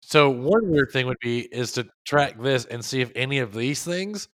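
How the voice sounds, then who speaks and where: A man co-hosting a casual chat, animated and jokey, acting out quotes for laughs. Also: medium pitch, normal speed. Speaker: podcast co-host.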